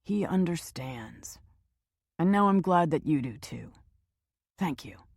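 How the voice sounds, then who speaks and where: A woman's voice: deep voice, expressive, takes it slowly, creaky, husky, no room sound, clean studio sound, full character voice. Woman reading a cool white-haired hitman. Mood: calm. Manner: cool, reassuring, quietly menacing. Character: calm white-haired male hitman, cold and smooth.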